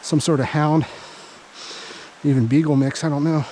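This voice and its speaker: A middle-aged man narrates his outdoor vlog in a relaxed, chatty way. His voice sits a little high for a man. Faint outdoor noise from a stream and passing traffic runs underneath. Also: moderate pace. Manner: folksy and chatty, talks sweetly to a stray dog. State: out of breath from climbing a hill. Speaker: vlogger.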